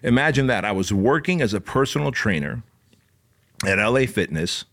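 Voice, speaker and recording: A man's voice: on the low side, animated, normal speed, a bit bright. A man telling a personal story in a casual, rambling way, full of profanity and fillers.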